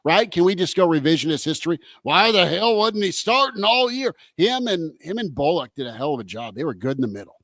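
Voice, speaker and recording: A male sports radio host who talks in a blunt, excitable way, his voice a little high for a man. The sound is close and dry, as from a studio mic. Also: brisk, hardly any pauses, no room sound.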